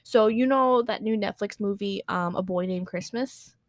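A woman's voice: medium pitch, moderate pace, no echo. Chatty woman cohosting a podcast, lots of likes and ums, dry sound. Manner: chatty, lots of "like" and "um", laughs often. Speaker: podcast co-host. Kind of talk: casual chat.

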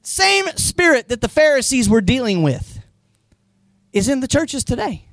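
Pastor guy preaching, really lively up and down voice, chatty, gets loud on his points. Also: very high-pitched, measured pace, no room sound. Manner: conversational preaching, retells scenes with voices; rises to emphatic, raised-voice points. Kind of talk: sermon. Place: church.

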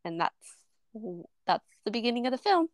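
A podcast co-host with a fairly high, very animated voice recaps a horror movie scene by scene at normal speed. She goes on at length in casual review chat, dropping plenty of "um" and "like." There's no echo on the recording.

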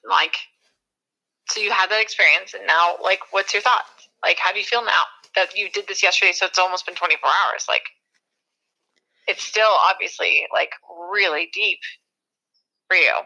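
A woman in casual conversation, a supportive and effusive listener who asks warm follow-up questions. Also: medium pitch, normal speed, long pauses, poor audio.

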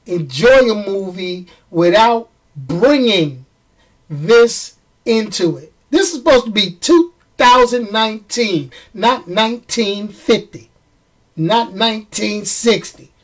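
A man with a New York accent chatting casually to camera as a movie vlogger, emphatic and repetitive, laughing at himself and jumping up in pitch when worked up. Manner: chatty, emphatic, repeats phrases for effect.

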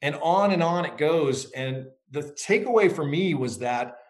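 A middle-aged man being interviewed as an author. He speaks in a reflective, measured way and tells stories. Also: on the high side, expressive. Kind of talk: interview conversation.

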